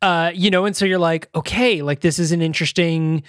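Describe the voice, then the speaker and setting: A man's voice: a little high, a little fast, no room sound, studio quality. A man co-hosting a casual movie review podcast, rambling with lots of fillers and restarts. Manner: rambling, many fillers and restarts, laughs often. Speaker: podcast co-host.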